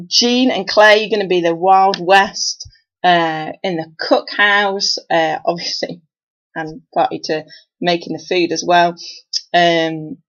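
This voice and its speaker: Chatty woman, low voice. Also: a bit bright, highs cut off. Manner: chatty, rambling with many fillers. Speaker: event organiser. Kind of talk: casual video message.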